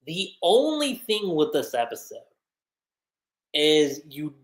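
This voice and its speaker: A woman's voice: low voice, very animated, takes it slowly. A woman giving a casual, slangy livestream review that recaps an anime episode, with plenty of "like"s. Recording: roomy echo.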